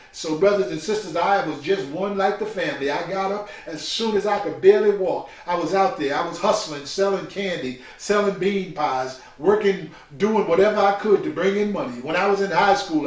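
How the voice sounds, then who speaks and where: A man's voice: high-pitched, normal speed, hardly any pauses. An older man gives a preaching personal testimony, emphatic and repetitive, calling listeners brothers and sisters. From New York. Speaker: speaker telling his life story. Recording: very echoey room, far from the mic.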